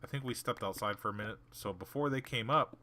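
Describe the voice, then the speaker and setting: Male gaming host, casual storyteller. Low-ish, forceful voice, blunt and sarcastic, acts out the people in his stories. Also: quick pace, a little hiss or hum. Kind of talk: casual storytelling while playing a game.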